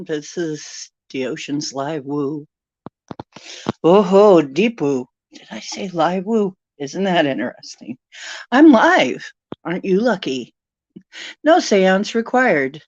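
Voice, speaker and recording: A woman hosts a live stream from a room at home in a slow, unhurried drawl, with a somewhat low voice. She rambles chattily and greets her viewers by name. The stream audio is dull and lo-fi. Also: expressive. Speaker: livestream host. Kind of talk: casual live-stream chat.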